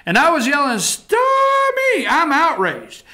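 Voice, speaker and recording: A rowdy, leering good ol' boy hollers in a high, bright drawl, as a man puts him on. His voice is tense and cutting. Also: animated, normal speed, exaggerated voice. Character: rowdy Texas man yelling at a stripper.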